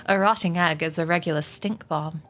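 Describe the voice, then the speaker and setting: A woman voicing a gentle, wise female spider with a sweet, measured way of talking. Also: fairly low pitch, close to an everyday voice. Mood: calm.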